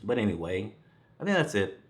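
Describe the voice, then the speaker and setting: A man with a fairly low voice talks through a movie review in a loose, rambling way. He laughs between thoughts and swears freely, keeping it casual and unscripted. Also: sing-song, a little fast. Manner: rambling, chuckling, profane. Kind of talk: casual spoken film review.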